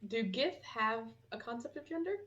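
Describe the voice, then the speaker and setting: A woman's voice: on the high side, lively intonation, moderate pace, a bit bright, muffled recording. A woman player chatting casually and enthusiastically, swearing now and then. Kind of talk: casual chat.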